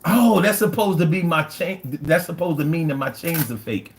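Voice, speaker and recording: A man's voice: fairly high pitch, moderate pace. A man in his fifties with a Philadelphia accent, hosting a casual livestream, reading chat and telling stories in profane, slangy talk. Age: 50s. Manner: animated, profane, slangy storytelling.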